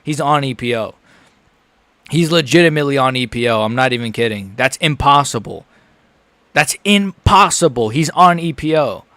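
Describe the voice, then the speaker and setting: A young man streaming a live fight reaction, excitable, swearing and repeating himself as he swings from groaning despair to shouting. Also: mid-range voice, normal speed, dry recording.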